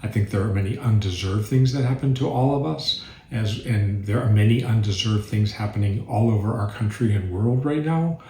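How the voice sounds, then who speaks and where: A man leading a mindful reflection group, giving a calm, thoughtful spiritual talk with occasional restarts. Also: fairly low pitch, moderate pace. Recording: echoey room.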